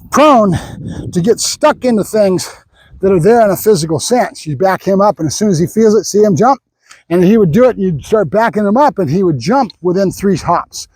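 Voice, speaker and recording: Older guy dog trainer, high voice, dry close sound, rambles and gets opinionated, keeps praising the dog. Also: a little mellow, breathy edge, no echo, rough recording. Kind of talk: training vlog with running commentary.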